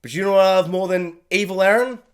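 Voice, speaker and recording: A young man gives an excited solo anime reaction review, gushing and acting out quotes from the show. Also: high voice, fast talker. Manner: animated, gushing, acts out quotes.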